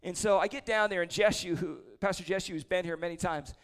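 Man in his 40s, gravelly lead pastor type, slightly high voice, chatty story-driven sermon with self-deprecating humor. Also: quick pace, fairly bright tone. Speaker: prayer leader preaching. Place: church service before a congregation.

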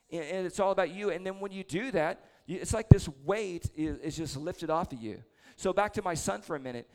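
Man in his 40s, gravelly lead pastor type, slightly high voice, chatty story-driven sermon with self-deprecating humor. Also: darkish tone. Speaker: prayer leader preaching. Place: church service before a congregation.

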